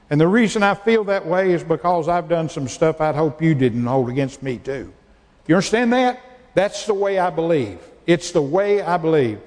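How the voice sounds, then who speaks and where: Man, preaching, folksy and repetitive, higher voice, reverberant hall. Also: lively intonation, moderate pace, a little mellow. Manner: folksy, repeats phrases for emphasis. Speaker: pastor. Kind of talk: sermon.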